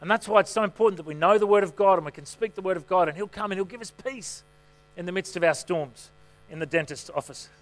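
A middle-aged pastor with a high, fast voice delivers a sermon in a conversational way. He tells stories that poke fun at himself.

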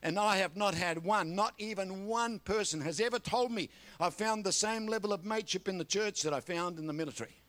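A man's voice: sits high, brisk, hardly any pauses, fairly bright tone. An older man preaching a sermon, telling folksy stories and calling for amens. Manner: folksy storytelling with calls for amen. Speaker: pastor.

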